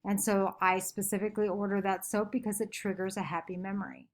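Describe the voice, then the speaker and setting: A woman's voice: medium pitch, little pitch movement, a little fast. Chatty woman teacher giving a lesson. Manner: chatty, self-deprecating, asks "okay?" often. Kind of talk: recorded classroom lecture.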